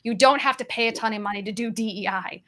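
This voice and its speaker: A woman with a fairly high voice speaks on a panel about hiring practices. She comes across as direct and practical. She lays out advice as short, brisk instructions. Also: pushed and bright. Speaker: sales coach and panelist. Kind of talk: panel discussion.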